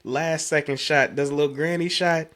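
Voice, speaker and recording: A man in his thirties co-hosting a podcast, hoarse from sinus trouble, chatting casually and telling animated, slangy stories. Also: fairly high pitch, moderate pace. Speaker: podcast co-host. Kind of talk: casual chat.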